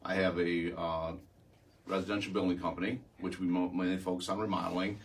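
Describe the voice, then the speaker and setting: A man's voice: sits low, level tone, a little fast, far from the mic. A business owner guest chatting casually, a joking storyteller who teases his hosts. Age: older. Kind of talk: casual chat.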